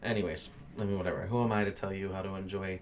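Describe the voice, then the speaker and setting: Ranting, foul-mouthed young guy, lowish voice. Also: steady tone, quick pace, slight background noise. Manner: blunt, ranting, swears freely. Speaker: podcast host and bartender. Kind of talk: casual profane storytelling.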